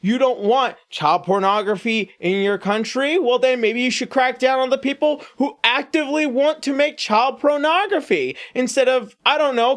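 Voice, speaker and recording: A man ranting in a comedic commentary video, crude and sarcastic, with frequent swearing and halting restarts. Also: extremely high pitch, a bit bright. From United States. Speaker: YouTube commentator.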